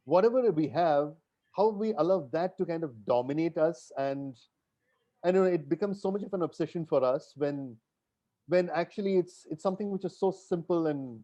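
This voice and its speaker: A podcast guest retelling a parable in relaxed conversational storytelling, reflective and unhurried. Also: medium pitch.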